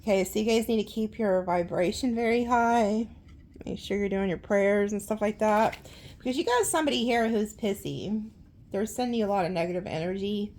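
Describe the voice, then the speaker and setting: Casting note: woman tarot reader, gravelly edge, mid-pitched, chatty and dramatic with blunt slang. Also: normal speed, darkish tone. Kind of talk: casual tarot reading.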